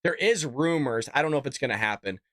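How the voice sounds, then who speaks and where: A man's voice: mid-range voice, lively intonation, fast, a bit bright, no echo, studio quality. A man hosting a casual political commentary show, talking in a mocking, sarcastic way and calling his listeners folks.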